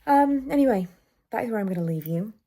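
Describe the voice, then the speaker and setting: A woman's voice: fairly high pitch, expressive, fast, warm tone. A woman in her thirties chatting casually to camera at home as a vlogger, enthusiastic and self-deprecating. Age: 30s.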